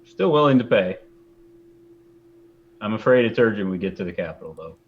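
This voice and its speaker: A man's voice: lowish voice, animated, moderate pace, dull audio. A man voicing a polite, persuasive male inquisitor seeking passage. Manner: courteous, persuasive.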